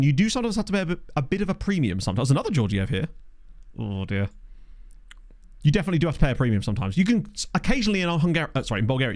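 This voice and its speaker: Lively, chatty man playing a game. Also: mid-range voice, dry recording, studio quality. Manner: chatty, thinking aloud, jokey asides. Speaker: gaming YouTuber. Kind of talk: casual let's play commentary. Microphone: desk microphone.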